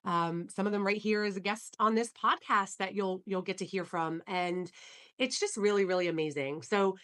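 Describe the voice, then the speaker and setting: A woman's voice: medium pitch, moderate pace, fairly bright tone. A woman hosting a solo podcast, telling her story in an earnest, enthusiastic way with frequent fillers like "um" and "you know.". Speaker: podcast host.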